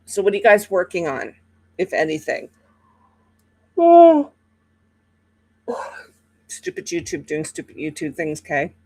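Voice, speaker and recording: A woman's voice: lowish voice, sing-song, measured pace, pauses often, darkish tone, dry recording. A woman hosting a casual livestream, chatting to viewers in a rambling way with many fillers, sleepy and yawning. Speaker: livestream host.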